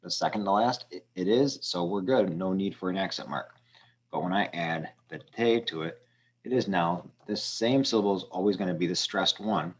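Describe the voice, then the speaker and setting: A man teaching a language lesson over a screen walkthrough, talking his students through exercises step by step in a relaxed way with frequent ums. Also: low voice, normal speed. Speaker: Spanish teacher.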